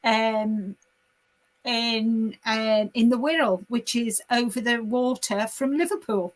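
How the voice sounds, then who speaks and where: A woman chats on a casual livestream, passing along viewers' comments. Her voice sits somewhat high. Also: takes it slowly, poor audio. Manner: chatty, relays viewer comments. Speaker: livestream co-host.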